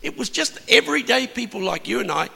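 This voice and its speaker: A man preaching a sermon, telling a Bible story with animated, emphatic peaks. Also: very high-pitched, a little fast, gravelly, husky. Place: church hall. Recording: long hall reverb.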